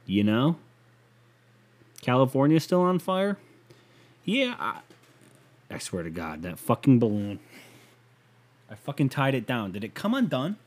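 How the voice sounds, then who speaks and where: A man's voice: medium pitch, huge pitch swings, a little slow, pauses often. Profane rambling man ranting solo. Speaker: podcast host. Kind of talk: casual solo podcast rant.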